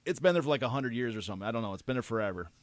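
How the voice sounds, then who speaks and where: A man co-hosting a podcast, telling rambling anecdotes with many restarts and fillers, getting animated and laughing as he tells them. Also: medium pitch, very fast, no room sound. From Detroit area. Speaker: podcast co-host. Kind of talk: casual chat.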